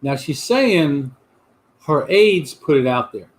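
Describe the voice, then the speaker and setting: A man's voice: fairly high pitch, big pitch swings, slow. A middle-aged man hosting a casual livestream chat, rambling and talking back to viewer comments. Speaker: host of a livestream chat show.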